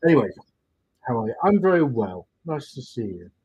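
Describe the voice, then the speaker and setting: A man's voice: medium pitch, very animated, fairly quick, mellow, breathy edge, highs cut off. A man, hosting a casual live stream, chatting and rambling as he greets viewers. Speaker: livestream host, witch doing readings.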